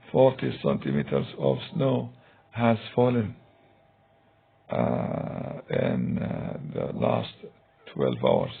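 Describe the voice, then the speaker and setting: A man teaching English grammar in a recorded lesson, talking slowly and hesitantly with many fillers, with a deep gravelly husky voice. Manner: slow, hesitant, many "uh" and "I mean". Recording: tinny phone-like recording.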